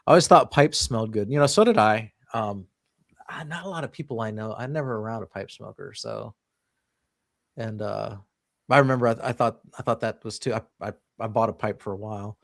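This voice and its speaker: A man's voice: fairly low pitch, a little fast, vocal fry, dry recording, clean studio sound. A man in casual conversation, telling a personal story animatedly with frequent laughs and restarts.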